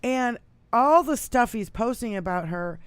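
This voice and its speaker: A woman's voice: on the high side, unhurried, clear, resonant tone, dry recording. American woman cohost, swears a lot, big laughs, dry close sound. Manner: profane, laughs loudly, animated. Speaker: podcast co-host. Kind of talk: casual political chat.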